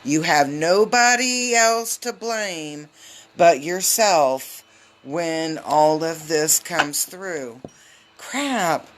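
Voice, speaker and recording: A woman giving a casual live tarot reading on a phone, chatty and loose, with lots of filler ums and quick hellos to her viewers. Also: low voice, a little hiss or hum. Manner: greets viewers mid-reading. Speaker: tarot reader.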